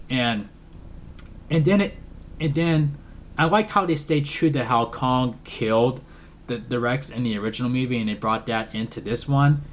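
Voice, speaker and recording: A man's voice: medium pitch, a little hiss or hum. A man casually reviewing a movie, rambling, repeating himself and laughing often. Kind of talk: casual film review vlog.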